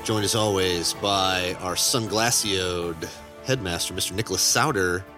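A man hosting a casual film podcast, energetic and jokey, laughing often. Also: low voice, a little slow, faint music behind. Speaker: podcast host.

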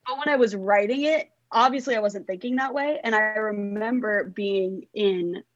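A woman's voice: mid-range voice, normal speed, no room sound, muffled recording. A young woman songwriter chatting in an interview, rambling and circling back with lots of filler words. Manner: rambling, filler-heavy with frequent "like". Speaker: songwriter guest. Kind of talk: casual interview chat.

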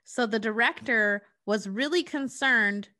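A woman's voice: a little high, unhurried, sharp tone. A woman co-hosting a casual chat, telling a story with frequent "like"s and casual swearing. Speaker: podcast co-host.

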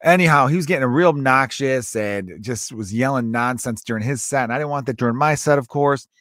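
A man's voice: mid-range voice, fairly quick, dry recording. A man with a mid-range voice tells a story as a stand-up comedian, swearing freely and acting out every quote. The sound is close and dry. He talks as someone in grief. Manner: profane, animated, acts out the quotes. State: grieving. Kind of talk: casual storytelling monologue.

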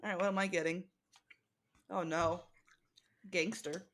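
A woman's voice: on the low side, steady tone, unhurried, a bit bright. A woman co-hosting a podcast in casual chat, laughing often and swearing freely. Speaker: podcast co-host.

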